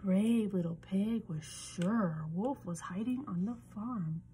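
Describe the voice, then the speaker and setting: A young woman reading a picture book aloud to children, animated and often dropping into a whisper. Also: mid-range voice, takes it slowly, a little hiss or hum. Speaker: storyteller.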